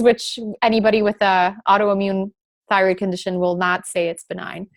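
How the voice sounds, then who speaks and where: A woman's voice: mid-range voice, little pitch movement, normal speed. A woman pharmacist speaking as a guest in a podcast interview, explaining thoughtfully with frequent fillers and restarts. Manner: lightly sarcastic at times. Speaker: guest, thyroid specialist pharmacist.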